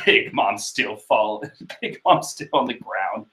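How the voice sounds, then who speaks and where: Man chatting slowly about comics, echoey room. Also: medium pitch, expressive, pushed and bright. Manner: rambling, joking asides. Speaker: manga reader host. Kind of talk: casual manga reading commentary.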